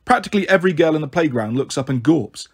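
A man reading a novel aloud in an expressive, lively storytelling manner. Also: fairly high pitch, fast talker, slightly rough.

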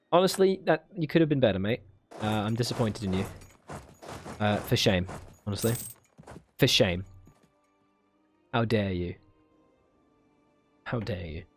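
A man of middle pitch talks his way through a strategy game in a loose, playful ramble. He mutters to himself and cheers on his armies. Faint music sits low behind him. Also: a little mellow. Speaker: gaming video host. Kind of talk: let's play commentary.

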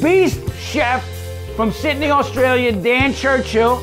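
A man hosting a casual cooking chat, talking fast with profanity and hype. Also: very high voice, over music. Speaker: host. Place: home kitchen.

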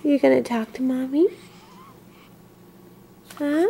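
High slow mom voice, sing-song baby talk, home camcorder video. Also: female voice, vocal fry, warm tone, slightly rough. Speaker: mother. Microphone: handheld camcorder.

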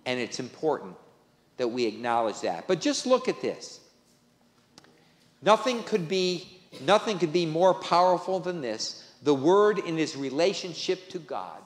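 In a church sanctuary with long, echoing reverb, a male pastor preaches a sermon and repeats key phrases to stress them. His voice is a little high and sing-song, at a measured pace.

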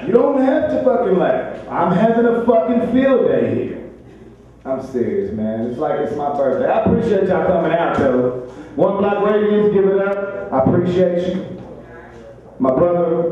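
A man doing a profane stand-up comedy set in a small club, laughing at his own jokes. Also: high-pitched. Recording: echoey room, mic heard from far, dull lo-fi sound.

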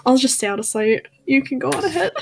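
A woman player in a tabletop game, giggly and animated. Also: high-pitched, quick pace, gravelly, slight background noise. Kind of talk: casual tabletop play.

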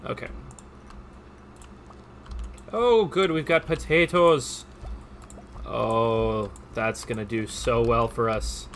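A chatty, upbeat man talks through his farming game on a live stream, greeting viewers between tasks. His voice sits at an ordinary middle pitch. Faint keyboard typing and a light hum stay in the background. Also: takes it slowly, pauses often, a bit bright.

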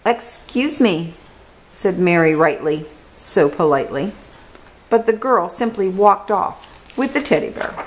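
A woman reads a children's picture book aloud at a very unhurried pace, giving each phrase room. Her voice is mid-pitched and gentle, with careful, clear delivery meant for young listeners. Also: rough recording. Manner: slow, gentle and careful reading. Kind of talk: storybook read-aloud.

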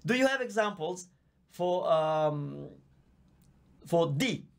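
Slow-paced yet animated, his fairly high voice carries some vocal fry. He's an Italian-accented native Italian teacher giving a live online Q&A, patiently explaining and chatting while reading viewer comments at a visible microphone.

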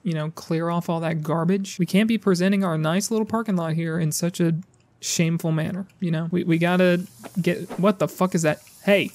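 A man giving sarcastic, profane commentary while playing a game, often yelling at the game characters. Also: fairly high pitch, steady tone, fairly quick. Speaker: gaming YouTuber. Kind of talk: casual gameplay commentary.

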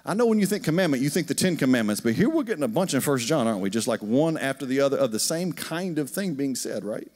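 A man's voice: mid-range voice, fast, few pauses. A man, preaching a conversational sermon and telling stories while asking the congregation questions. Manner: storytelling, animated, asks the congregation questions. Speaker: pastor. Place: church sanctuary. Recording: long hall reverb.

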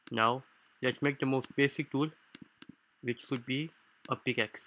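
A man with a non-native English accent, a gaming YouTuber, talks through a let's-play with formal, slightly stilted explanations. His medium-pitched voice has a sharp tone and fairly even intonation, and he speaks a little slowly. A little hiss or hum marks the poor audio from his low-quality home mic.

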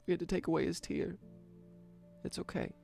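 A tearful young man with a put-on British accent, all gushing sobs and overwrought theatrics, as a gamer puts him on. The voice sits well above the man's own pitch and swells loud. Melodramatic and mournful throughout. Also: level tone, a little fast, vocal fry, husky, soft background music, exaggerated voice. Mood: melodramatic grief.

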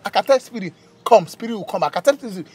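A Nigerian man delivers a comedy sketch in a boastful, excitable way, his pitch swinging widely. Faint music plays underneath him as he goes from bragging to frantic yelling. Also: fast. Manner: boastful, excitable, breaks into panicky shouting. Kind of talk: comedy skit.

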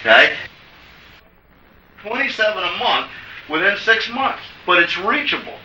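A man's voice: sits high, big pitch swings, a little slow, sharp tone, muffled recording, a little hiss or hum. A man giving a motivational business seminar, emphatic and coaxing, often checking in with his audience. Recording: echoey room from far off.

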